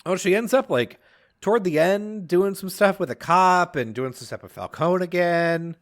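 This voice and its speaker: A male podcast co-host chatting casually about a film, animated and swearing freely. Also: sits high, normal speed.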